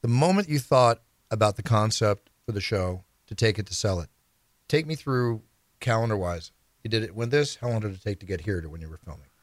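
A man's voice: lowish voice, lively intonation, a little fast, no echo, clean studio sound. A man hosting an interview show, telling stories eagerly and steering the talk with questions. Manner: enthusiastic, leading storyteller asking questions. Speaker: show host.

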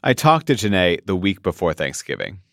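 Lively low-voiced male host. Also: moderate pace, no echo, studio quality. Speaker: podcast host. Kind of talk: scripted narration.

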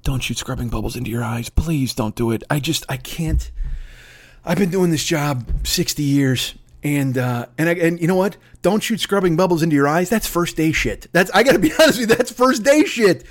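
A man's voice: a little high, animated, normal speed, voice pushed down. A man doing an impression of an exasperated elderly male doctor who pleads and begs. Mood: pleading.

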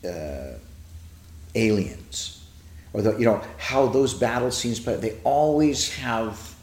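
In a relaxed interview chat recorded in an echoey room, an older TV writer rambles through long stories, acting out quotes as he goes. He speaks slowly in a mid-range, slightly mellow voice with lively intonation.

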